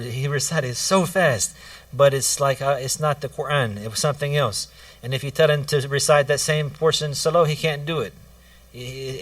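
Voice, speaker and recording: A man's voice: medium pitch, a bit bright, no room sound, recorded from a distance. A man giving a religious lesson, repeating key phrases and restarting his sentences as he teaches. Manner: repetitive, restarts phrases, stresses points twice. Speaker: Islamic teacher.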